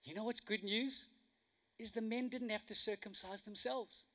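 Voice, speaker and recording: A man preaching a sermon, telling stories in an animated way and swinging from hushed to loud. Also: sits high, normal speed.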